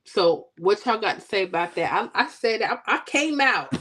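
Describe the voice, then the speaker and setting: A woman hosting a casual livestream, chatting with viewers and teasing them in a playful, animated way. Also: mid-range voice, moderate pace, breathy edge. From Florida. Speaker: livestream host. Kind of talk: casual chat with live viewers.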